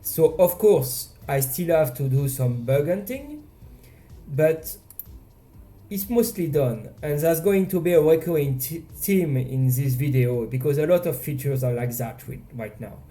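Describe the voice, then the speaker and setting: A man with a French accent casually narrating his indie game devlog, self-deprecating and halting with frequent restarts. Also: a little high, animated, dark tone. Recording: faint game music behind.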